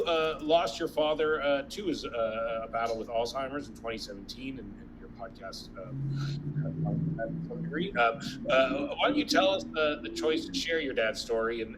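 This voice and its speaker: A man moderating a conference panel, asking questions haltingly with many ums and uhs. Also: medium pitch, noisy background.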